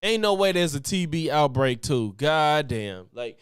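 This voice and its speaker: High-voiced, profane ranting man. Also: measured pace, clean tone, no room sound, clean studio sound. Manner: profane, animated ranting with laughs. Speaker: streamer reacting to news clips. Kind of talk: casual commentary stream.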